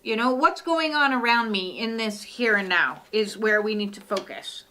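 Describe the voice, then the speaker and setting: A woman's voice: on the high side, expressive, moderate pace, pushed and bright. A middle-aged woman hosting a live oracle card reading from her home studio, talking in a soothing way with lots of "uh" fillers.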